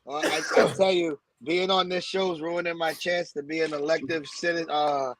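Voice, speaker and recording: A man's voice: fairly high pitch, steady tone, moderate pace, heavy background noise. A man co-hosting a podcast in laid-back, casual chat, joking and laughing. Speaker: podcast co-host.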